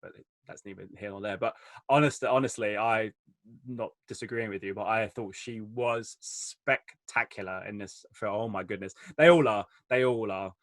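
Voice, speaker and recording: A man, an enthusiastic film critic chatting casually through a review in quick rushes. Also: on the low side, fairly even intonation, a bit bright, no echo.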